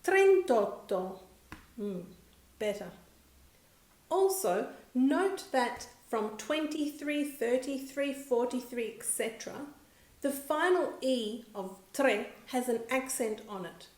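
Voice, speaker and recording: A woman teaching a scripted grammar lesson, stating example words slowly and clearly with careful enunciation. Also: high voice, animated, a little mellow. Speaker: language teacher. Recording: roomy echo.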